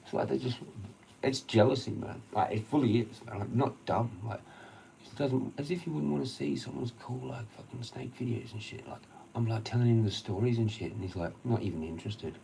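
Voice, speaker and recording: A man's voice: mid-range voice, a little fast, vocal fry, mellow, a little hiss or hum, low-quality recording. A man with an Australian accent, ranting on a livestream, swearing heavily and rambling through an agitated story. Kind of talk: casual rambling rant.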